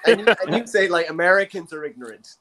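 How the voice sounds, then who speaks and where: A man's voice: high voice, animated, fast talker, a crowd in the background, rough recording. An Irish man hosting an online comedy show from his bedroom, trading dry, teasing banter with his guests. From Ireland. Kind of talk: comedic chat on a video call.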